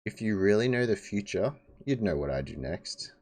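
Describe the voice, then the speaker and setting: A man reading a webtoon aloud, voicing a cold, stoic young male swordsman who speaks curtly and deliberately. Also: on the low side, very animated, a little mellow. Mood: menacing. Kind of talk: webtoon read aloud on a live stream.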